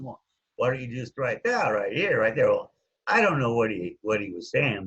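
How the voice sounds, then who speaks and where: A man in his fifties, a guest telling his own story casually, often trailing off with "anyways". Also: breathy edge. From Hawaii. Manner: animated, jumps up and down in pitch, trails off with "anyways". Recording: dull lo-fi sound.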